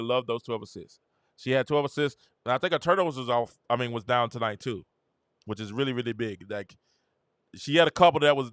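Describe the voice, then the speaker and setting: A man hosting a casual sports commentary livestream, talking in an animated, slangy and rambling way, often repeating himself. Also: mid-range voice, no echo, studio quality. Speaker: host.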